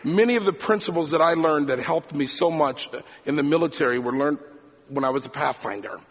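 A male preacher telling a personal story in a sermon, talking fast and animated. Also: a little high, husky, in a large hall, lo-fi sound.

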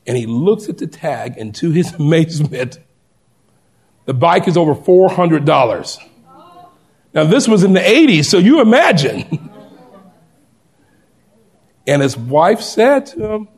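Preacher, male, slightly high husky voice, dramatic storyteller who acts out every voice. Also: big pitch swings, unhurried, long pauses. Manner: acts out quoted voices, swings from loud to hushed. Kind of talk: sermon with storytelling.

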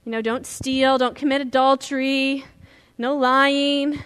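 A gentle, patient teacher, as a woman preacher voices him. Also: little pitch movement, long reverb tail. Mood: plain. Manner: soft, low, unhurried. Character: gentle, tender male teacher, calm and patient.

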